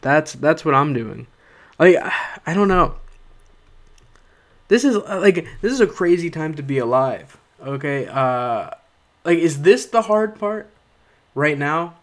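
A man's voice: on the high side, lively intonation, slow, pauses often. A young man, a stand-up comedian, delivering a rambling, sarcastic comic monologue to his podcast listeners. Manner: rambling, sarcastic, with frequent "uh" and "okay?".

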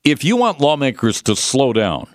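Male talk radio host, combative and mocking, mid pitch, lively intonation. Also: normal speed, no echo, studio quality. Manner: combative, sarcastic, mocking imitations. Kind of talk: political talk radio monologue.

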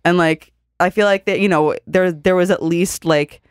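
A woman's voice: lowish voice, fairly even intonation, normal speed, clean tone, no room sound, studio quality. A young woman co-hosting a casual chat, telling stories in a rambling way with lots of fillers and swearing. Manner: rambling storyteller, heavy filler "like", swears freely. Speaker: podcast co-host.

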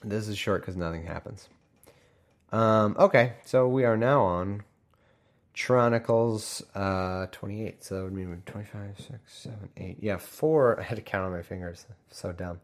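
A man with a somewhat low voice reads a long list aloud for his listeners, yawning often, his throat getting scratchy. He keeps breaking off into wry, sarcastic commentary, playing the helpful guide with mock enthusiasm. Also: unhurried. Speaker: podcast host reading the Bible aloud. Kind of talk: casual reading with sarcastic asides.

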